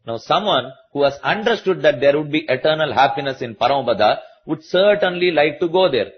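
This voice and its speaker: Indian English man, spiritual teacher, husky voice, dull lo-fi sound, patient repetitive explaining. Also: a little high, expressive. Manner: slow, repetitive explaining to a live audience. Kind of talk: religious discourse.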